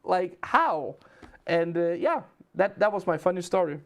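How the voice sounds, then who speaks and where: A man's voice: sits high, steady tone, fairly quick. A man from Denmark with a Danish accent, a livestream host telling rambling stories and answering chat questions in casual chat.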